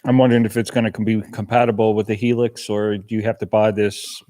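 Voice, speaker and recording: A man's voice: fairly low pitch, little pitch movement, fast talker, warm tone. A man on a casual fishing show, talking in an easygoing way about his fishing plans, at times with his mouth full. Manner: easygoing, talks while eating. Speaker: guest angler. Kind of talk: casual chat.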